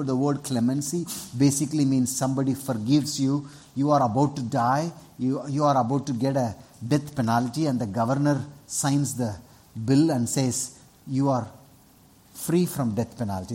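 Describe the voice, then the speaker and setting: Husky-voiced Indian preacher. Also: male voice, medium pitch, moderate pace, mellow. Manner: earnest, repeats himself, asks the congregation for responses. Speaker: pastor. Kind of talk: sermon. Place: church.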